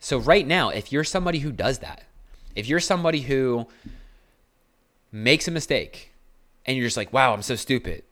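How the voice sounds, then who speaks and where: Lively intonation marks this young man's medium-pitched, fairly bright voice as he talks at a normal speed with long pauses. He is hosting a podcast, giving a casual motivational monologue that is blunt, earnest and, by his own account, aggressive.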